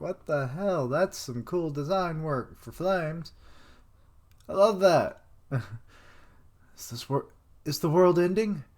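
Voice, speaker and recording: A man reading a manga chapter aloud on a live stream, chatting and thinking out loud as he goes. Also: medium pitch.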